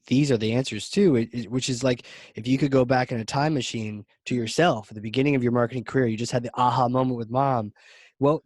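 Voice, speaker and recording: A man hosting a podcast interview, talking casually and enthusiastically in quick bursts. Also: medium pitch, darkish tone, no room sound, clean studio sound. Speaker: podcast host.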